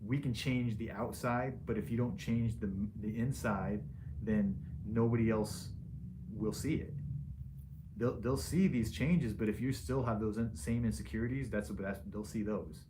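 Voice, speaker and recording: Plain-spoken male surgeon, low voice, casual question-and-answer tone. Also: unhurried, background noise. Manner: frank, plain-spoken, loose with restarts. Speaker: liposuction surgeon. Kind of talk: casual patient Q&A.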